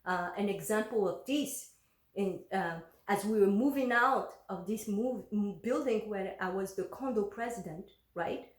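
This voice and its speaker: A woman's voice: mid-range voice, a little slow. A woman telling a personal story in a casual, chatty way, recorded in an echoey room. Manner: chatty, lots of fillers and restarts. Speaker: vlogger.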